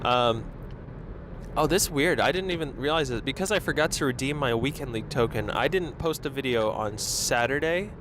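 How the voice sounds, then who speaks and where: Driving through traffic, a young podcast host chats casually on his own through a lapel mic, his talk rambling and self-conscious. He sounds animated, with a mid-range voice at a normal speed, and faint road noise runs underneath.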